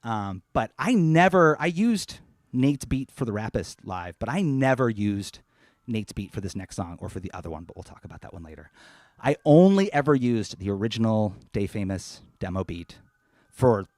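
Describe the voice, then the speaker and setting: A man speaking softly and casually in his apartment, then rapping over a beat during a live stream concert. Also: fairly low pitch, big pitch swings, normal speed, dry recording. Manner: soft, rambling spoken asides. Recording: loud hip hop backing music.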